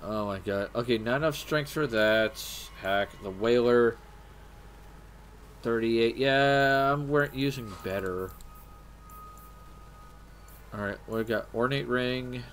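A man's voice: medium pitch, slow, long pauses, a little hiss or hum. A man casually commenting on his gameplay during a live stream, talking to himself and swearing now and then. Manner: casual, talks to himself, swears, hums along. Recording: loud game music under voice.

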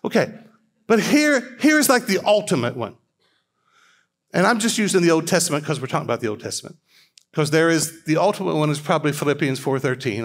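A man's voice: a little high, big pitch swings, a little fast. A middle-aged man giving an informal, questioning teaching talk to a live audience at a church hangout, reading scripture aloud as he goes.

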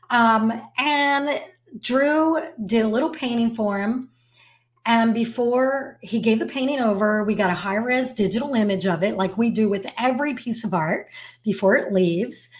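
A woman who manages an artist's business and writes about it, telling a story and giving advice to camera in a lively, emphatic way. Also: on the high side. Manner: animated storyteller, emphatic repetition.

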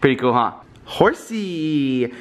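A woman's voice: very deep voice, expressive, slow. A woman hosting a family vlog, chatting playfully with her toddler and with viewers on video calls. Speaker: vlogger host. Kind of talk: casual chat.

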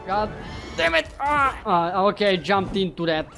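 A man commentating his own gameplay who swears often, taunts his opponents and bursts into yelling. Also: high voice, very animated, a little slow, creaky, music in the background. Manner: bursts into loud yelling when winning or losing. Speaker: gaming YouTuber.

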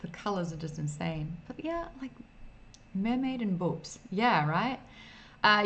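A woman's voice: medium pitch, lively intonation, a little slow, a bit bright. A woman streaming an old computer game in casual, self-mocking commentary, reading game text aloud as she plays.

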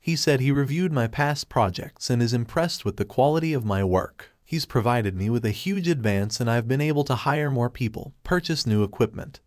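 A man's voice: medium pitch, lively intonation, normal speed, few pauses, dry recording, natural voice. A man voicing a cheerful middle-aged father who speaks in a comforting, encouraging way. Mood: reassuring.

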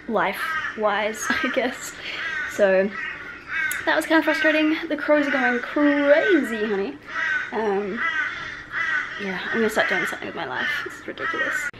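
A talkative woman vlogs into a handheld camera, rambling from one thought to the next and swearing freely. Her voice sits a little high, and steady ambient noise runs under the recording. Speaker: vlogger. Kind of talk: casual vlog chat. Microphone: handheld camera mic. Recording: noisy ambient background.

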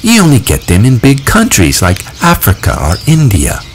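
A man's voice: medium pitch, wildly swooping pitch, moderate pace, a little hiss or hum, voice pushed up. A man voicing a confident boy leader who cheerfully reassures the others in a storybook reading. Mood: reassuring. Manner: upbeat, coaxing, patiently explaining.

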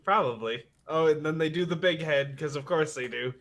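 A man's voice: a little high, brisk, fairly bright tone. A man chiming in with jokes while watching an anime with a friend, laughing often. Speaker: co-commentator. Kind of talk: casual riffing over an anime.

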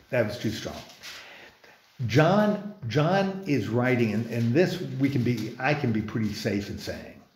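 A man's voice: mid-range voice, a little mellow, echoey room. A man leading a church Bible study, talking casually and quizzing the group, with frequent restarts. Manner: conversational, many restarts, asks the group questions. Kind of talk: informal Bible study class. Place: church meeting room.

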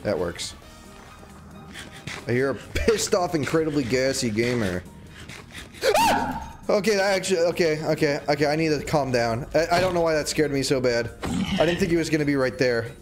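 Lively, joking male gamer streamer. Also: a little high, fairly quick, music in the background. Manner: joking, reads chat aloud, sudden squeals and yelps. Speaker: livestreamer. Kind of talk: casual gameplay livestream chatter.

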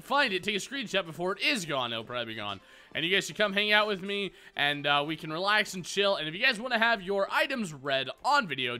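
Bright and forceful, with a voice that sits high, this young man narrates a laid-back Minecraft let's play. He wanders from topic to topic and keeps making jokes at his own expense.

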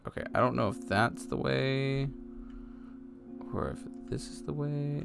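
A man giving excitable, jokey, swearing commentary while playing a video game. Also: medium pitch, unhurried, vocal fry, pauses often. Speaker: let's play gamer. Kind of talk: casual gameplay commentary. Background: game music.

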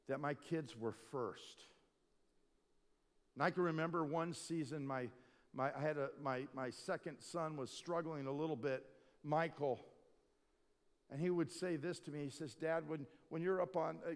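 Animated middle-aged pastor in a reverberant hall. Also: male voice, a little high. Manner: animated storytelling, swinging from quiet to loud. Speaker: lead pastor. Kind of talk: sermon. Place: conference hall. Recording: long reverb of a large hall.

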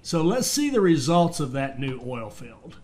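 A man's voice: on the high side, big pitch swings, measured pace, darkish tone. A man casually commenting on his own gameplay as the host, thinking aloud with fillers and restarts. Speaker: game commentator. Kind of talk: casual let's-play commentary.

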